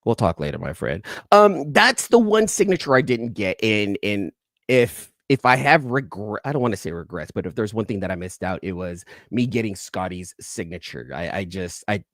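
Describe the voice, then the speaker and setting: Animated man rambling through a comic haul. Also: lowish voice, no room sound, clean studio sound. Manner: rambling, self-interrupting, quick asides to viewers in live chat. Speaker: YouTube comic collector host. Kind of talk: casual haul vlog.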